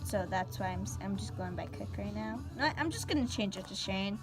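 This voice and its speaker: A woman's voice: medium pitch, animated, a little fast, music in the background. A teenage girl telling a storytime vlog in a casual, giggly way, full of fillers and asides. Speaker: storyteller, vlogger.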